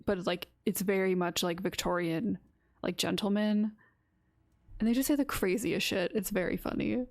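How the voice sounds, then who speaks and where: A woman's voice: medium pitch, normal speed, a little mellow, no room sound, clean studio sound. Chatty amused woman streamer. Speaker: streamer playing a game. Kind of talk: casual gameplay commentary and reading dialogue aloud.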